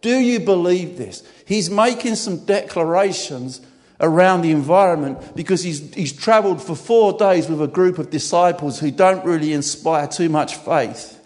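Man, guest preacher, sermon, emphatic, fairly high voice, long hall reverb. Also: normal speed. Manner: emphatic, preaching with sudden loud outbursts.

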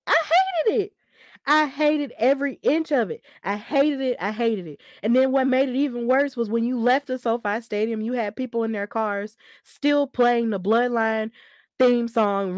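A woman's voice: fairly high pitch, moderate pace, dry recording, studio quality. Emphatic woman podcast host. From Alabama. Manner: animated, emphatic and repetitive, venting frustration. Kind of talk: casual wrestling podcast chat.

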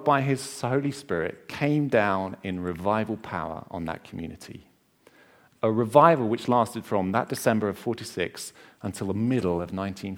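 A man preaching a sermon, telling a history story with chatty, joking asides to the congregation. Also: on the low side.

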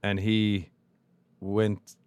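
A man's voice: fairly low pitch, completely flat delivery, very slow, darkish tone, smooth, dry recording. A young man with an Irish accent, a comedian chatting casually on a podcast, mumbling a little and laughing often. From Ireland. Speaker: stand-up comedian guest. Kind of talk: casual chat.

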